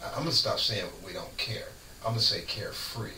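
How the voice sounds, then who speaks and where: A man who is a guest on a radio show, preaching in casual chat with fervent, lively storytelling. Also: fairly low pitch, brisk, creaky. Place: radio studio. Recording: echoey room, far from mic, faint noise.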